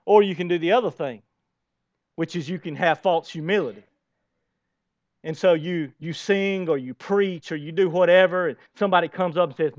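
A man preaching a lively sermon to his congregation, asking rhetorical questions and dropping to quiet asides. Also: high voice, normal speed, dry recording. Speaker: pastor. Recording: dull lo-fi sound.

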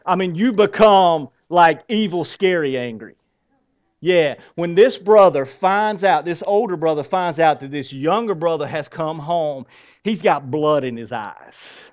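A man preaching a sermon, animated, asking his listeners rhetorical questions and reading scripture aloud with dramatic pauses. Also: a little high, dull audio. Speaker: pastor.

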